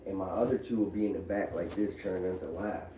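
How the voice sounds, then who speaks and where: Heard from a distance in a muffled, echoey room with faint hiss, a man in his thirties on parole chats loosely about his family. He rambles, filling his speech with "like" and other fillers, in a low, steady, fairly quick voice.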